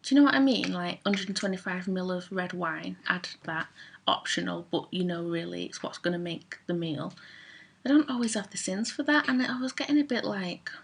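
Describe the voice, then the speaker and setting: A woman's voice: lowish voice, normal speed, creaky, husky. A woman vlogging in a chatty, rambling, self-mocking way about favourite products. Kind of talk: casual chat to camera.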